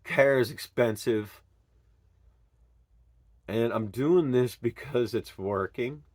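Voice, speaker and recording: A man's voice: mid-range voice, slow, dry recording, clean studio sound. Earnest man telling his own story. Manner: earnest and emotional, swinging from loud pleading to hushed murmurs. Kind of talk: personal storytelling monologue.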